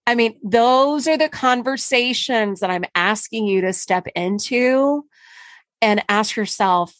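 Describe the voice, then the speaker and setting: A woman's voice: a little high, slow pace, dry recording. A middle-aged woman hosting a casual solo podcast, talking candidly and emphatically, with mild swearing. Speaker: podcast host and marketing consultant.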